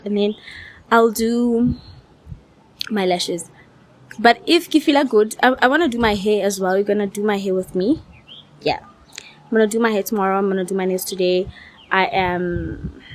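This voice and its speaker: A woman's voice: mid-range voice, a little hiss or hum. A young woman, tired, chatting casually to her vlog audience and dropping in Sesotho phrases. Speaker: vlogger.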